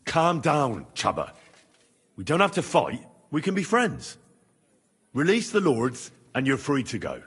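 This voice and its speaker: An actor playing a level-headed young soldier who speaks calmly and placatingly. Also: male voice, a little high, unhurried, husky, in a large hall, exaggerated voice. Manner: calm, placating.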